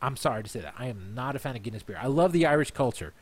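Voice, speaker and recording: A man hosts his podcast a little tipsy, talking at an ordinary pitch in a loose, rambling flow. He circles back, repeats himself and restarts his sentences as he tells a long story. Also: expressive, rapid-fire, husky. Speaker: podcast host. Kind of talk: casual storytelling monologue.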